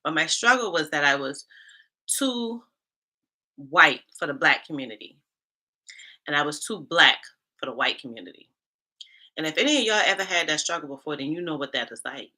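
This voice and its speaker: Bright-voiced woman with a Charleston Geechee accent. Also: deep voice, animated, moderate pace, pauses often. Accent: Charleston Gullah Geechee. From Charleston, South Carolina. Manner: chatty, talks straight to the chat. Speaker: HR livestream host. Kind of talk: casual livestream chat.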